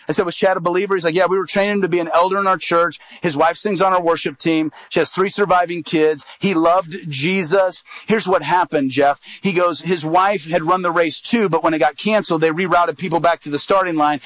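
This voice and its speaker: A man's voice: a little high, fairly bright tone, dry recording, poor audio. A man in his thirties, an evangelist, preaching through a personal story and acting out the quoted dialogue. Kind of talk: sermon storytelling.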